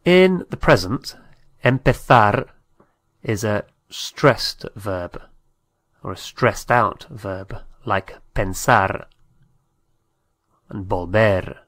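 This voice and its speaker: A man teaching a language lesson, saying each phrase slowly and repeating it, sometimes spelling words out letter by letter. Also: on the low side, animated, fairly bright tone, no echo, studio quality.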